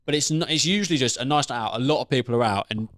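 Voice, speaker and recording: A man's voice: medium pitch, rapid-fire, a bit bright, no echo. A young man co-hosting a comedy debate podcast, telling rambling stories with plenty of swearing and laughter. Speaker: co-host. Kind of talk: casual comedy debate chat, anecdotes.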